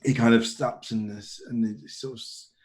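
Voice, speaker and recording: A man's voice: mid-range voice, little pitch movement, normal speed, darkish tone. A man running a tabletop horror game as game master, narrating in a hesitant way with many restarts. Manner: hesitant, lots of "kind of" and restarts.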